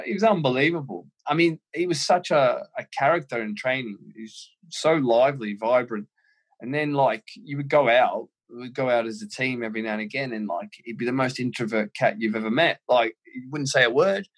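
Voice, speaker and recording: An Australian man recounts stories from his playing days with lively energy and frequent laughter. His voice is mid-pitched and relaxed in a casual interview setting. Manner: animated anecdotes, laughs often. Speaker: former footballer, guest.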